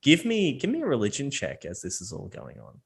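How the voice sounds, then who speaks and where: A man's voice: mid-range voice, wildly swooping pitch, fairly quick, creaky, husky. A young man narrating as game master of a tabletop game, rambling loosely with lots of fillers.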